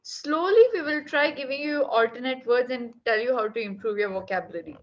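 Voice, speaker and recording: High-voiced tutor. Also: female voice, brisk, lo-fi sound. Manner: encouraging, checks in with "right?" and "okay?". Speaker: English tutor. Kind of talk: online tutoring session.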